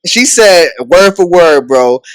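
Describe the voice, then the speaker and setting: Brief: high-voiced man talking slangy and loose, restarting his sentences, a podcast guest. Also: lively intonation, slow pace. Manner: slangy, repeats words, calls others son. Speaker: podcast guest, reaction creator. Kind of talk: casual chat.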